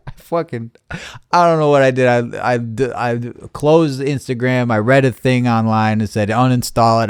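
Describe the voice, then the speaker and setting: A man hosting a podcast, telling a long, profane, animated story and acting out both sides of a support call. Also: medium pitch, no room sound, clean studio sound. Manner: animated, swears constantly, acts out both sides of conversations. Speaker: podcast host.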